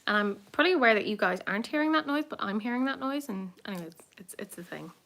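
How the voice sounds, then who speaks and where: Woman, thirties, rambling, self-mocking, fairly high voice, phone live stream, indoors and garden. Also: animated, fast, vocal fry, fairly bright tone. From Ireland. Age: 30s. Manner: chatty, rambling, self-mocking, coos at her cats. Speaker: livestream host. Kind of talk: casual livestream chat. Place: home, then outdoors in a garden.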